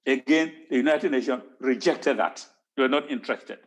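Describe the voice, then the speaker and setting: A man's voice: medium pitch, moderate pace. A man giving an impassioned talk on history at an online town hall, stressing points by repeating words. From Cameroon.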